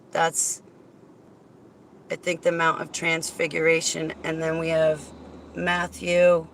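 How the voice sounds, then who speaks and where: Slow-talking, bright-voiced effusive woman. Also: on the low side, gravelly, a little hiss or hum. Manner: effusive and rambling, with sudden loud exclamations. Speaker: vlogger thanking her viewers. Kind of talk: casual emotional video message.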